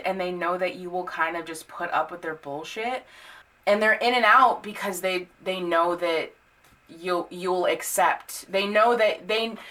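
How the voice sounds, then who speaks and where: A young woman talks through a tarot reading in a loose, conversational way, full of ums and restarts. Her voice is bright and clear, and she gets blunt and sweary when something bothers her. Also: mid-range voice. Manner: chatty, many fillers, blunt and swearing when annoyed. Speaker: tarot reader. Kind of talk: casual tarot reading to camera.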